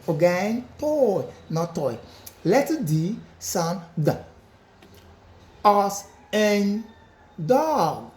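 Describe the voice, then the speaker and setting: A woman teaching a phonics lesson, slowly drilling letter sounds with repeated examples. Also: medium pitch, very animated, a little mellow, echoey room.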